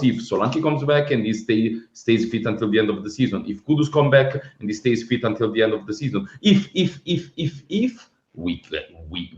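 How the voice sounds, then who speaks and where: A man co-hosting a casual football podcast, talking in an animated, emphatic way and repeating words when he presses a point. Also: medium pitch. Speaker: podcast co-host. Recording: roomy, slightly dull remote audio.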